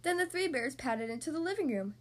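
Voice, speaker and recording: Woman, storybook reading for kids, high voice, very lively delivery. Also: fairly quick. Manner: expressive, animated. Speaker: podcast host reading to children.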